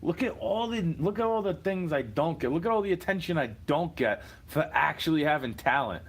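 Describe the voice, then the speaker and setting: Livestream host, male, higher-pitched, combative and cursing, echoey room far off the mic. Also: expressive, brisk. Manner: profane, sarcastic, combative; mocking, mimics opponents. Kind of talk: unscripted rant.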